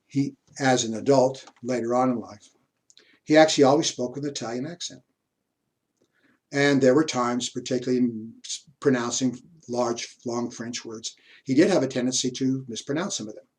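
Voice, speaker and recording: A man giving a university history lecture, unhurried, pausing mid-sentence and adding asides. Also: mid-range voice, a little mellow.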